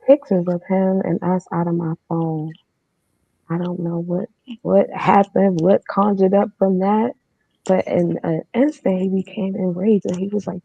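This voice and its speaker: A woman's voice: fairly low pitch, creaky, warm tone, breathy edge, no echo. A woman telling her own story as a guest, in a candid, matter-of-fact way with casual fillers. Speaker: podcast guest. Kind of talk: personal storytelling. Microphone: remote streaming setup. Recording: dull lo-fi online stream.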